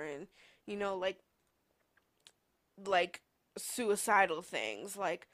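A woman's voice: mid-range voice, slow, long pauses. A young woman in her twenties hosting a podcast, telling a personal story casually with lots of "like" and filler words. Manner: rambling, heavy use of "like" and fillers. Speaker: podcast host.

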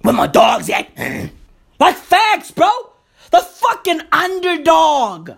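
A woman's voice: extremely high pitch, big pitch swings, takes it slowly, vocal fry. A woman delivering a profane comic rant, emphatic and repetitive, swearing heavily and calling the listener "bro".

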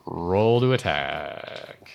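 A man with a lowish voice narrates a tabletop role-playing game as game master. He talks casually, stopping and restarting with plenty of fillers as he calls out rolls and describes hits. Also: expressive, creaky, highs cut off, slight background noise. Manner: casual, halting, many fillers.

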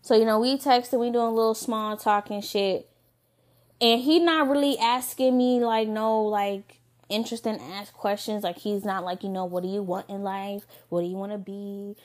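A young woman hosting a podcast, telling a dating story in a candid, profane, casual way with quick asides. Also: mid-range voice, steady tone. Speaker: podcast host.

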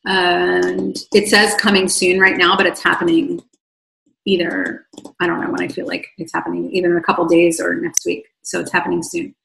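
A woman coaching viewers on a livestream, reading their comments aloud and answering at length. Her voice is gravelly with vocal fry and is wearing thin after talking for a long time. The sound carries the echo of the room around her. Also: on the low side, completely flat delivery, moderate pace, a little hiss or hum. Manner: effusive, rambling, warm toward viewers. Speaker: online coach.

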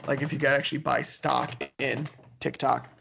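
Man, casual podcast co-host, gravelly voice, laid-back rambling chat, muffled lo-fi sound. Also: medium pitch, steady tone, moderate pace, a bit bright, a little hiss or hum. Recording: muffled lo-fi audio.

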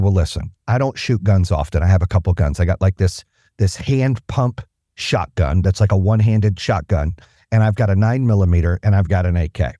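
A man's voice: on the low side, warm tone, no room sound, clean studio sound. Blunt, profane man telling stories. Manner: blunt, profane, fast-talking. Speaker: guest, business owner. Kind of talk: casual storytelling.

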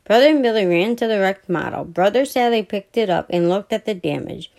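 A woman podcast host reading a children's story aloud, softly and with small stumbles she corrects. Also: mid-range voice, lively intonation, fairly quick, creaky.

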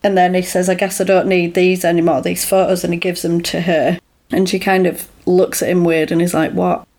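A woman chatting casually, retelling events with lively acted-out lines and laughs. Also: lowish voice, a little fast. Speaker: podcast co-host recapping a film. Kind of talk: casual chat.

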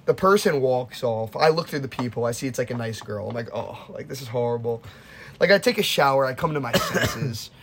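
A young man hosting a casual podcast, telling stories with lively acted-out quotes and plenty of swearing. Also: medium pitch, brisk, few pauses, crowd noise. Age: young adult. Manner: animated storytelling, acts out quotes, swears freely. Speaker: podcast host. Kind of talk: casual chat.

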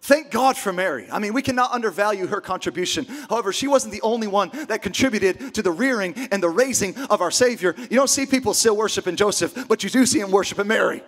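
A man preaching a sermon as pastor, emphatic and energetic, full of rhetorical questions. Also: high-pitched, fast, few pauses.

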